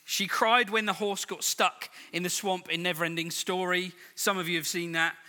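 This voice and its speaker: Bright-voiced man preaching in a reverberant hall. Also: high voice, level tone, moderate pace. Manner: chatty storytelling sermon with humor. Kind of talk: sermon. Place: large church hall.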